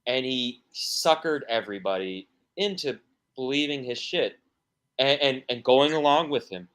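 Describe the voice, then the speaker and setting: A man talks at an unhurried pace about his music, his voice sitting in a mid range. He rambles, circles back and restarts his sentences often, in the loose style of a podcast guest. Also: mid-range voice, fairly bright tone. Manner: rambling, many restarts and fillers. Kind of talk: casual podcast interview.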